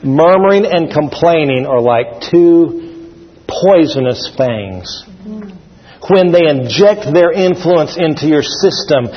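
Animated preacher man in a reverberant hall. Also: a little high, takes it slowly. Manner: animated, shouting and laughing, acting out scenes. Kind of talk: sermon. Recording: dull sound with long hall reverb.

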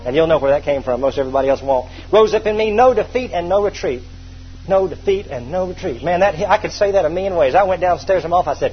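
A man's voice: high voice, expressive, fast. A man in his thirties preaching a sermon, emphatic and storytelling, repeating his key phrases for effect. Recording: dull lo-fi recording with faint hum.

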